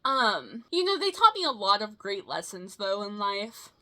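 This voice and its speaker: A young woman in her twenties telling a rambling personal story in a casual vlog, animated and quick to swear, with lots of fillers. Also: mid-range voice. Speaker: vlogger.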